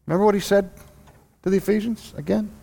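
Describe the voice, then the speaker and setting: A man preaching a sermon in an animated way, firing rhetorical questions at his congregation. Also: high-pitched, quick pace, gravelly, big-room sound.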